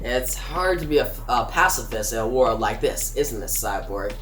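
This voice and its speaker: A woman reading the lines of a cold, scheming middle-aged male villain in a low, calm voice. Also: normal speed, echoey room. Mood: cool.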